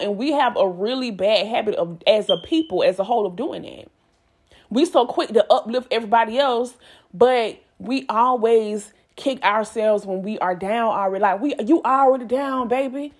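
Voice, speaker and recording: A woman, giving herself and her listeners an emphatic, repetitive pep talk in a casual vlog. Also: on the high side. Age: 20s. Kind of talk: motivational self-talk monologue.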